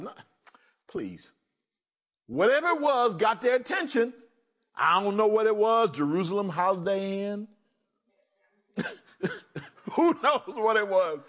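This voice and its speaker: A man preaching a sermon as pastor, animated, swinging between loud emphasis and quiet asides. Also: high-pitched, moderate pace, long pauses.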